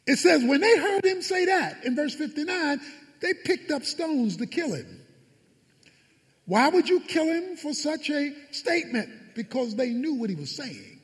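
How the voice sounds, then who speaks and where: Preacher guy, really high voice, acts out the bible scenes, big echoey hall. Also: very animated, moderate pace. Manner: emphatic preaching with dramatic retellings. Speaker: pastor. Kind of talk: sermon.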